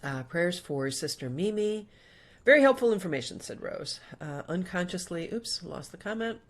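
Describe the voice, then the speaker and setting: Middle-aged lady, low voice, chatty livestream host reading out comments, lots of ums. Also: expressive, normal speed. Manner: reads out viewer comments and prayer requests, chatty with many fillers. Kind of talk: casual livestream chat.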